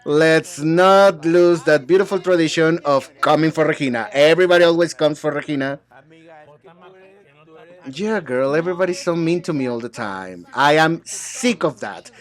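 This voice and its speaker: A man's voice: on the high side, moderate pace. A man voicing an English dub of reality-show banter alone, sassy and bickering as he switches between several speakers. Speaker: translator dubbing a reality show.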